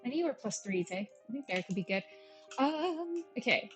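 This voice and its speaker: A young woman with a fairly high voice rambles through casual gameplay commentary. She talks in a loose, self-mocking way and keeps wandering off topic. Soft music plays faintly behind her. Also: big pitch swings, a little fast, rough recording. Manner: rambling, chatty, self-deprecating. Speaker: gaming channel host. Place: at home with her cats.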